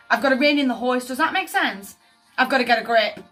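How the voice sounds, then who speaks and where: A woman's voice: sits high, lively intonation, normal speed, pushed and bright. A woman giving a tarot reading, speaking emotively and often asking "does that make sense" over faint background music. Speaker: tarot reader.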